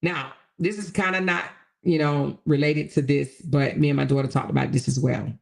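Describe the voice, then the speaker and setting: A woman hosts a solo livestream and chats plainly with her audience, reading their comments aloud. Her voice carries a rough, gravelly creak, and her delivery stays loose, colloquial and frank. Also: deep voice, fairly even intonation, moderate pace. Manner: chatty, addresses viewers directly, reads comments aloud; blunt and colloquial. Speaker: livestream host.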